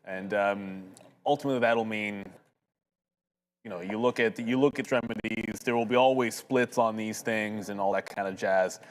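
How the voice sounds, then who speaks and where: A man's voice: on the low side, fairly even intonation, normal speed, a little hiss or hum, poor audio. Chatty man co-hosting a trading stream. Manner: chatty, upbeat, addresses chat viewers. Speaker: trading show co-host. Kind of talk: live market commentary chat.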